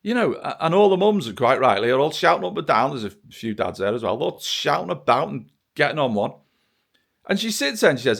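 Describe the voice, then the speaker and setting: A man's voice: mid-range voice, sing-song, fairly quick, gravelly, a bit bright. Sweary British man ranting to camera. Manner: angry, sweary, sarcastic ranting. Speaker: vlogger. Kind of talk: ranting political monologue to camera.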